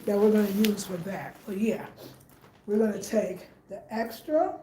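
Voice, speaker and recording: A mellow, medium-pitched woman's voice, a little slow, walks viewers through her living room in a casual home design vlog. She thinks aloud and often says things twice, and the recording is echoey with faint noise in the room.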